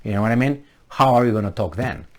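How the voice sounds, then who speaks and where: A fast-talking man with a voice on the low side hosts a solo commentary vlog. He speaks emphatically, leaning on rhetorical questions and restarting himself often.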